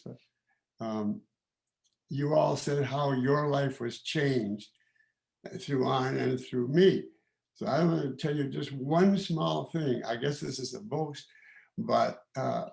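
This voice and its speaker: A man in his eighties with a deeply gravelly, creaky voice gives unscripted remarks to a gathering. He speaks at a middle pitch, pausing often, trailing off and restarting his sentences. His tone is reflective and candid. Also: darkish tone. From Canada. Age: 80s. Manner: halting, with many pauses and restarts. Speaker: guest of honour giving remarks. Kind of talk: informal spoken remarks.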